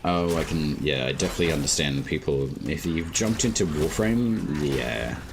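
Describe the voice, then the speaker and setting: Very deep-voiced Australian man streaming. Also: vocal fry, background noise. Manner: slow, laid-back talk with many "like" fillers. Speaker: game streamer. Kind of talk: casual live-stream chat.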